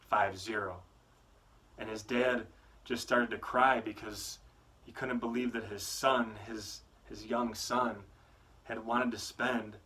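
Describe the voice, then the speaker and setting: A man's voice: medium pitch, a bit bright. A man giving a motivational talk to schoolchildren, telling a story with many "right?" asides. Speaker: youth motivational speaker.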